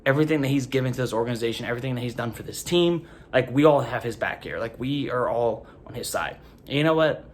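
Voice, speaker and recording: A young man giving a casual, rambling sports opinion monologue as host, leaning hard on "like" and getting animated. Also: medium pitch, quick pace, few pauses, a little hiss or hum. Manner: rambling, animated, heavy use of "like".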